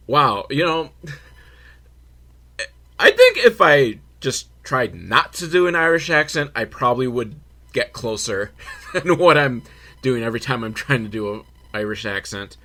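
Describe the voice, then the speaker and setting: A man recapping a film for laughs, sarcastic and quick to swear. His voice is bright and swings widely in pitch as he mocks what happens on screen. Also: expressive. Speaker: movie recap host.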